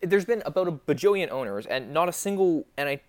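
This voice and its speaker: Casual podcast co-host, hesitant, mid-pitched. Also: lively intonation, fast talker. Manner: hesitant, many restarts and "like". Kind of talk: casual hockey chat.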